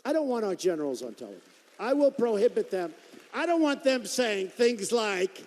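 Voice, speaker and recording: A political candidate giving an off-the-cuff campaign rally speech, emphatic and repetitive. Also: male voice, high-pitched, big pitch swings, moderate pace, darkish tone. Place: large indoor rally venue. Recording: long echo of a large hall.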